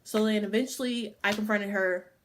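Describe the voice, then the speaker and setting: A woman's voice: medium pitch, steady tone, normal speed, slight background noise. A woman in her twenties telling a casual storytime, swearing freely and saying "like" constantly. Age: 20s. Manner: casual, profane, full of "like" fillers. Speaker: vlogger.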